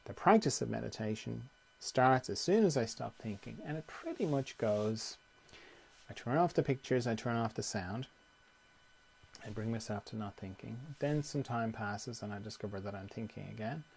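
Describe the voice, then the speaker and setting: A man teaching meditation in a calm, conversational way, often repeating phrases. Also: medium pitch, moderate pace, creaky, breathy edge. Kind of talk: guided meditation talk.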